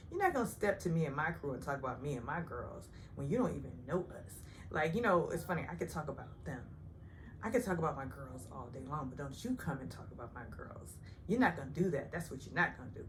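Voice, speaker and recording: Chatty, sarcastic woman with a lively voice. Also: slight background noise. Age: older. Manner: chatty and sarcastic, acts out quotes in high voices. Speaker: recap host. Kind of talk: casual TV recap vlog.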